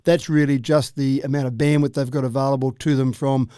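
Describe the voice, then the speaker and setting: An Australian man explaining technology on a radio chat in a steady, chatty way. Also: medium pitch, a little fast, smooth, dry recording, studio quality. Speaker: technology commentator.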